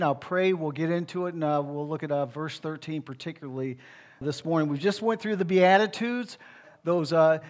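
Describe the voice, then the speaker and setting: Pastor, male, high-pitched, preaches with rising emphasis. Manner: emphatic preaching that rises when stressing a point. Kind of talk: sermon.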